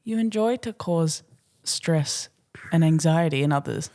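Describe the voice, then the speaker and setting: A woman's voice: low-pitched, animated, unhurried, warm tone. A young woman co-hosting a casual podcast, giggling and acting out quoted lines in a self-mocking way. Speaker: podcast co-host. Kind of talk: casual chat.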